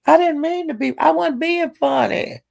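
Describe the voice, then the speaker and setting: A man's voice: extremely high pitch, lively intonation, normal speed, gravelly, voice pushed up, heavily acted. A man mimicking an offended person who defends a harmless question in a whiny, defensive way.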